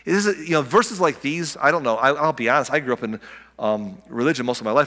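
A man preaching a sermon in a conversational way, restarting phrases and dropping softly on key words. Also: medium pitch, big-room sound. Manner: conversational preaching with restarts and soft dramatic drops. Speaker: pastor.

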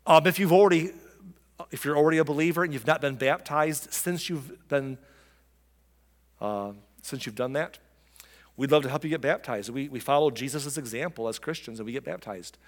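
Male pastor, sermon, slightly high voice, church hall reverb. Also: normal speed. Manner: conversational, asks the congregation questions. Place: church sanctuary.

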